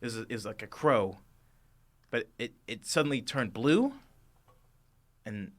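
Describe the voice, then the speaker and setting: A man's voice: medium pitch, animated, a little slow, fairly bright tone. Man voicing a jittery stammering carriage driver. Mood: nervous. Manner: stammering, nervous.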